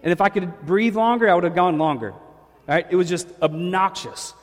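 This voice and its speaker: Lively, joking pastor in an echoey hall. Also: male voice, high-pitched, fairly quick. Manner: animated, joking storyteller. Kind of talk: sermon with personal storytelling.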